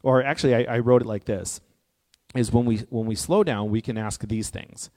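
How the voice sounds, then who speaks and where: A man giving a reflective, personal talk in an earnest, gently encouraging way. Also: medium pitch, steady tone, moderate pace. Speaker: speaker on grief and healing. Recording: long hall reverb.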